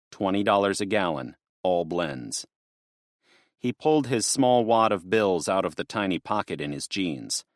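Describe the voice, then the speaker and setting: A male audiobook narrator with a low, steady voice. He reads in a measured way. The recording is close and dry. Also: no echo. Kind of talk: scripted narration.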